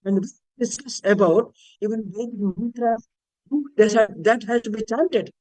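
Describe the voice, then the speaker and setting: A man's voice: high-pitched, fairly even intonation, moderate pace, darkish tone, rough recording. A man giving a webinar lecture on Vedic chanting, patiently explaining and chanting Sanskrit words to show their intonation. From India. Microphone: video call.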